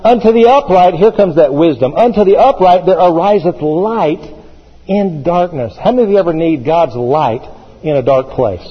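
A man's voice: on the high side, lively intonation, moderate pace, breathy edge, in a large hall, highs cut off. A man, a pastor, preaching a sermon with emphasis, repeating phrases as he builds.

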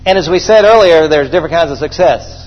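Male pastor, high husky voice, emphatic call-and-response preaching, lo-fi church recording. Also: fast. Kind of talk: sermon.

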